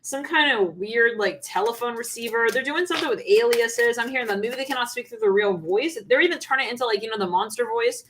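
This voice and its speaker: Woman tarot reader, fairly high voice, giggly and rambling, faint background noise. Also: animated, fast talker, few pauses, a bit bright. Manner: giggly, rambling, laughs often. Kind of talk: channeled tarot reading livestream.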